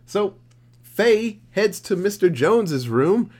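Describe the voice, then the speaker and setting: Animated, profane man recapping a movie. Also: high voice, slow pace. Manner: profane, jokey, acts out characters mid-recap. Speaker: podcast co-host.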